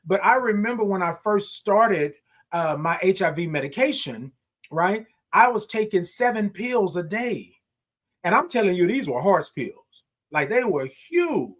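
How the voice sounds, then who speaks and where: With a high-pitched voice and a slightly slow pace, a middle-aged man runs a live morning show. He preaches animatedly, says phrases over again, and reads comments from viewers.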